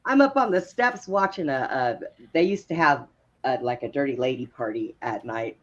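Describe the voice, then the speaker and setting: A woman telling lively stories in casual chat, laughing often as she goes. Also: extremely low pitch, moderate pace. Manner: laughs often, animated retelling. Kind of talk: casual storytelling. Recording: dull lo-fi sound.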